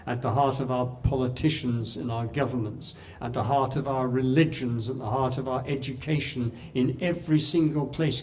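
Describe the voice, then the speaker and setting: A man's voice: mid-range voice, darkish tone, far from the mic, slight background noise. Impassioned man telling a story. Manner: impassioned, with dramatic pauses. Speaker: speaker at a talk. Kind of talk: storytelling speech.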